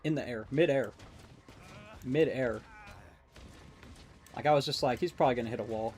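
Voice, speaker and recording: A man's voice: mid-range voice, a little mellow. Teasing man casting a game. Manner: joking, teasing, quick asides. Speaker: caster and player. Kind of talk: casual game commentary.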